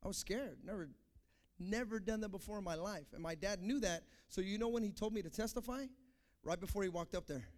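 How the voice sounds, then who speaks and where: A young male preacher with a strikingly high voice delivers an impassioned sermon. He builds to fervent shouts, then drops to a hushed, confessional tone. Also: a little fast.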